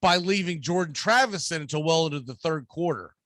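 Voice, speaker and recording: A man's voice: fairly high pitch, expressive, a little fast, a bit bright, no echo. A man with a Southern US accent, hosting a sports radio show and ranting emphatically about football. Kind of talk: casual sports talk.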